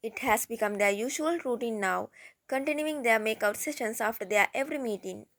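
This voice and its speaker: A woman's voice: on the high side, brisk, fairly bright tone, no room sound. Woman narrating a romance story. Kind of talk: reading a fan fiction story aloud.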